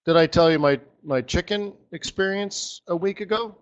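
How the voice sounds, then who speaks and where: A man's voice: high voice, normal speed, muffled recording. A man working as a currency analyst, chatting and joking with viewers on a live trading webcast, laughing often.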